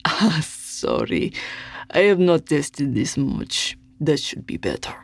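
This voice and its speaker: An audiobook narrator voicing an amused male villain with a thick Russian accent and a rich, booming, slow way of speaking. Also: sing-song, creaky, no echo, exaggerated voice. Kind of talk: audiobook character voice.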